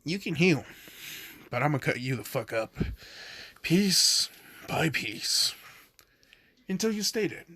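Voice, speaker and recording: A man voicing a calm, threatening young male hero in a fan story, in a flat delivery. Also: a little high, takes it slowly, pauses often, husky, dry recording, exaggerated voice. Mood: menacing.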